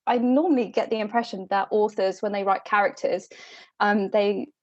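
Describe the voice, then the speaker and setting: A woman hosting a podcast in casual chat, laughing often and slipping into quick voices for characters. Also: medium pitch, steady tone, no room sound, muffled recording. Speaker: podcast host.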